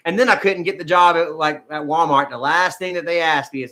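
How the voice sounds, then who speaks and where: A vlogger reading his live chat talks casually in a fairly quick, bright, forceful voice on the high side. He rambles, swears, and throws in "man" and "bro" a lot.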